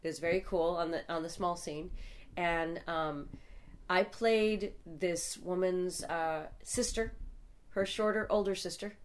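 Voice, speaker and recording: A woman's voice: lowish voice, steady tone, unhurried. A middle-aged woman, guest on a casual movie review chat, joking and laughing a lot as she talks. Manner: jokey, laughs often, breaks into mock voices. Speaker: guest co-host, actress and musician.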